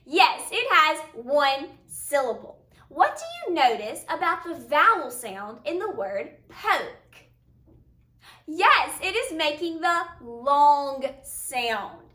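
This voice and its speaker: Teacher lady doing a kids phonics lesson, high lively voice, echoey room. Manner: slow, upbeat, encouraging, praising often. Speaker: first-grade teacher. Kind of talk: phonics lesson for young children.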